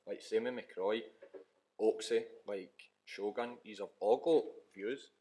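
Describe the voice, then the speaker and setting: A Scottish man hosting a podcast, asking relaxed, leading questions in casual chat. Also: fairly low pitch, takes it slowly, low-quality recording. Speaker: podcast host.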